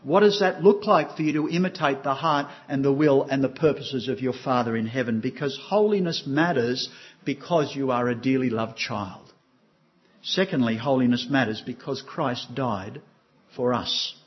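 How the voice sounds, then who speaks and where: Older pastor preaching a sermon. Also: male voice, medium pitch, normal speed, muffled recording. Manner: earnest, asks the congregation questions.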